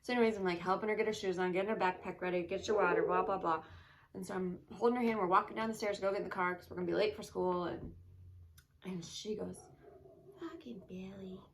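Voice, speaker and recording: A woman in her thirties co-hosting a casual chat, telling animated stories and acting out her child's voice. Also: medium pitch, quick pace, vocal fry. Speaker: co-host.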